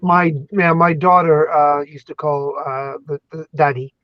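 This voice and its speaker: A man chatting casually as an academic guest, animated and jokey, rambling through his thoughts. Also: on the high side, a little slow, no echo, lo-fi sound. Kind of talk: casual chat.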